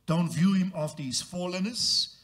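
Male pastor, high voice, sermon, call-and-response, dramatic quoted voices. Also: moderate pace, a bit bright. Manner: call-and-response preaching, has congregation repeat phrases; acts out quoted voices with big jumps in pitch.

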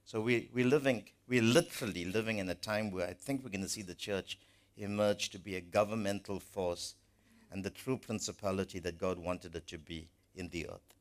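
A man delivers a sermon in a fairly low voice. He speaks earnestly and with emphasis, restarting phrases and repeating words as he presses each point. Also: steady tone, moderate pace. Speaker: preacher.

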